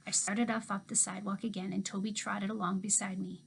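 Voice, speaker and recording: A woman teacher reading a children's novel aloud in expressive first-person storytelling. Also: mid-range voice, quick pace, gravelly, few pauses, breathy edge.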